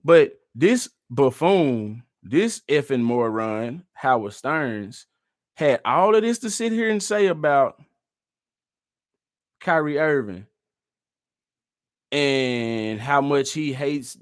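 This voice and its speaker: A man's voice: medium pitch, lively intonation, slow pace, long pauses, no echo, studio quality. A man vlogging casually and reacting to clips, slangy and loose. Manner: laid-back, slangy and loose.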